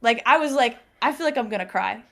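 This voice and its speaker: Woman guest, slightly high voice, lively storyteller who laughs a lot and acts out quotes. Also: quick pace, creaky. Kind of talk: casual storytelling chat.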